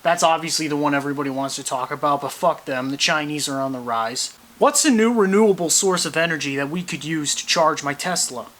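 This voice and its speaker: A man's voice: on the high side, a little fast, few pauses, fairly bright tone. A man delivering a scripted comedy monologue as a sarcastic, abrasive rant.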